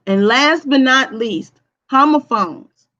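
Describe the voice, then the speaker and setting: A woman teacher giving a recorded online lesson. She has a projecting voice and speaks deliberately, checking in with "okay?" after each point. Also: high-pitched, lively intonation, bright, forceful tone, highs cut off. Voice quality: voice projects strongly.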